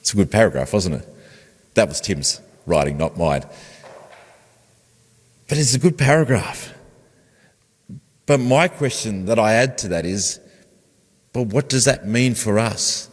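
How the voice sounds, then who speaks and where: A man's voice: on the low side, animated, measured pace, pauses often, breathy edge. A man, a pastor preaching a conversational sermon and putting questions to his congregation. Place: church. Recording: long church reverb.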